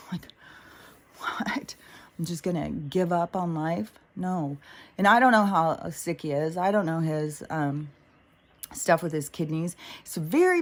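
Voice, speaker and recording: A middle-aged woman with a slightly low voice talks in a loose, meandering monologue about spiritual matters. She speaks casually and emotionally, fills pauses with lots of ums and likes, and swears freely. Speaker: spiritual podcast host.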